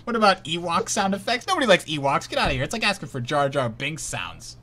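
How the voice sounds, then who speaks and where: A man hosting a podcast in casual chat, animated and jokey. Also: fairly high pitch, fast. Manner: animated, laughs often, jokey. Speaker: podcast host.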